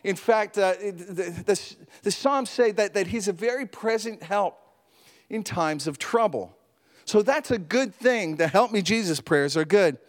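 Animated, high-voiced male pastor preaching. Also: unhurried. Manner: animated storytelling with asides and laughs. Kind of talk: sermon.

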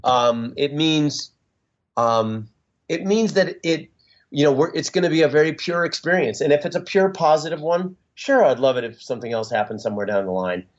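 A middle-aged man, a musician being interviewed, talking in a halting, reflective way with many fillers and restarts. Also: fairly high pitch, expressive. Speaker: musician guest. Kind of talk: casual interview talk. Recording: dull lo-fi sound.

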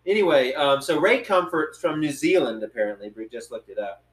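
A man's voice: on the high side, fairly quick, a bit bright, poor audio. A man hosting a casual podcast, talking in a rambling, hesitant way with many fillers. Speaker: podcast host.

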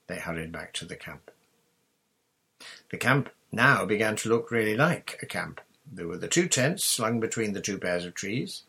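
A male narrator reads a children's adventure story in a steady storytelling manner. His voice sits low with a gravelly, husky grain. The delivery is even and scripted. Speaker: audiobook narrator.

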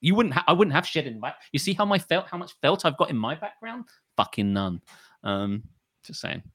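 A man's voice: a little high, brisk. A young man co-hosting a casual chat podcast, swearing freely and acting out mock arguments. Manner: animated, sweary, acts out mock dialogue. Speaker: podcast co-host.

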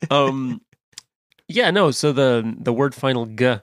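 A chatty man with a Western American accent co-hosts a podcast, wandering from topic to topic and laughing often. His voice is dry and close, with an easy, mid-pitched tone. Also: expressive, slow pace, no echo. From California-born, raised in the Midwest. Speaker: podcast co-host. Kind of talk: casual chat.

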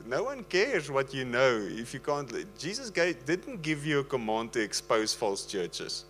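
An earnest male preacher speaks in a casual sermon style, pleading gently with his listeners. His voice sits in a middle register and keeps a loose, talky rhythm. A faint electrical hum runs underneath the recording. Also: medium pitch, very animated, a little slow, hardly any pauses, rough recording. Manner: earnest, pleading, breaks into laughter.

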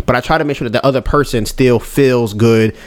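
A man's voice: mid-range voice, fairly quick. A man hosting a podcast, talking candidly and rambling about handling his anger, acting out his own thoughts. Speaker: podcast host. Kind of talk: casual solo podcast talk.

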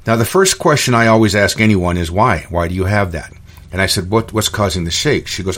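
A man's voice: fairly low pitch, fairly quick, a bit bright. A middle-aged man and store owner ranting in a monologue on his own show, indignant and stumbling over restarts. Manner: indignant, repetitive, stammering restarts. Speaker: podcast host and store owner.

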